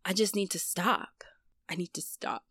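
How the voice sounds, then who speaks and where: Young woman vlogger, candid and chatty, bright clear tone, dry close sound. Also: on the low side, moderate pace, no room sound. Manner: candid, conversational, heavy use of fillers. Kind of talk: personal storytelling vlog.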